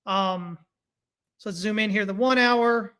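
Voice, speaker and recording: A man's voice: high-pitched, unhurried, smooth. A man giving casual live-stream commentary on price charts, reading viewer comments as he goes. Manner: animated, talks through charts, reads viewer comments. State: hiccuping. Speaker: market analyst streaming chart analysis.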